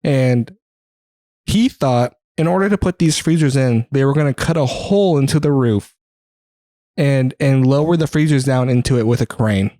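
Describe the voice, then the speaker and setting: A man's voice: mid-range voice, normal speed, mellow, dry recording. A young man co-hosting a podcast, telling stories in casual chat, laughing often and swearing a lot. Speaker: podcast co-host.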